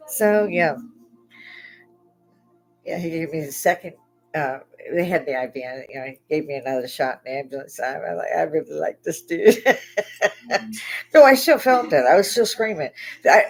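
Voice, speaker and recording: A woman's voice: fairly low pitch, low-quality recording. Woman host, blunt and profane, loose laughing live-stream chat, music playing behind. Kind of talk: casual storytelling chat. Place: home bar.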